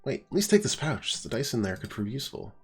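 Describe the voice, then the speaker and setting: A man's voice: medium pitch, very animated, fast talker, husky, faint music behind, voice pushed up. A man reading a stranded young heroine. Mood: earnest. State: stuffy nose.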